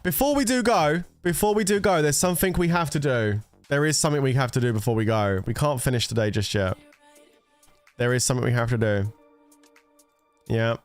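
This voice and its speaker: A man's voice: medium pitch, fairly quick, soft background music. A man chatting casually with viewers on a gaming livestream, teasing and bantering with some swearing. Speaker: gaming streamer.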